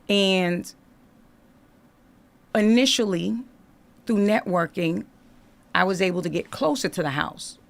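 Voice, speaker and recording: Animated woman with a gravelly edge. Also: on the low side. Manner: animated, conversational, acts out dialogue in her retelling. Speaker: guest telling her life story. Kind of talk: candid storytelling in a podcast interview.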